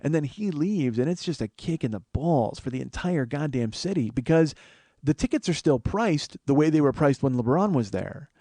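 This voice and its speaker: A man with a fairly high voice tells a comic story, swearing freely and sounding exasperated. The sound is dry and close, with no room around it. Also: expressive, normal speed, warm tone, no room sound. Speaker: comedian host.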